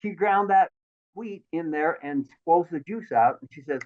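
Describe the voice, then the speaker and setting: A man in his sixties telling his life story as an interview guest, animated and acting out the voices of the people he quotes. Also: on the high side, normal speed. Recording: thin phone-like line.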